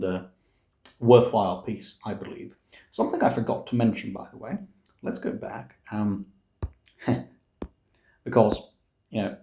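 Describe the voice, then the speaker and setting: A man's voice: fairly low pitch, mellow. A man teaching the meaning and pronunciation of opera lyrics, patient and explanatory, with playful asides and many fillers. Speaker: music language teacher. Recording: echoey room.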